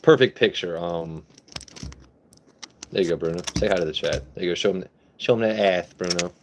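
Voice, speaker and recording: Low-voiced man chatting on a livestream. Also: moderate pace, background noise. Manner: playful, talks to his pet guinea pig and chat. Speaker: livestream host. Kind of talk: casual livestream chat.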